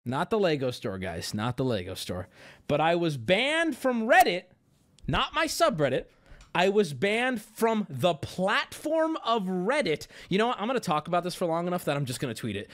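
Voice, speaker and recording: A man's high, bright voice swings widely as he rants on stream. He is exasperated and profane but mocks himself too, and breaks into bursts of laughter. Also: huge pitch swings, normal speed. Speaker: livestreamer. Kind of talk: ranting stream monologue.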